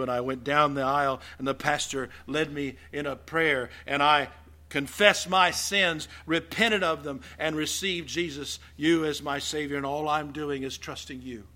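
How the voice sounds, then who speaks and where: A man from western Oklahoma, preaching a sermon in a dramatic storytelling way that swings from loud to hushed. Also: fairly high pitch, unhurried.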